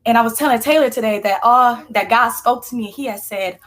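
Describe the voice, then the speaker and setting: A young woman speaks in a somewhat high voice, earnest and heartfelt. She shares a personal faith testimony in a casual, conversational way. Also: a little fast, fairly bright tone. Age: young adult. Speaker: team member sharing testimony.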